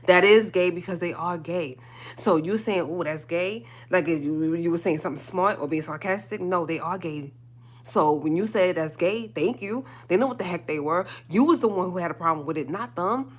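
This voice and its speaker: A woman's voice: lowish voice, normal speed. A woman hosting a livestream, delivering a heated, emphatic solo rant with slangy asides and repeated lines for stress. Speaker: livestream host.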